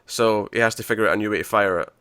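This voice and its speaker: A man's voice: on the low side, fairly even intonation, racing, a bit bright, clean tone, dry recording, clean studio sound. A man hosting a podcast, chatting casually and animatedly as he recaps TV episodes, laughing often. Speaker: podcast host.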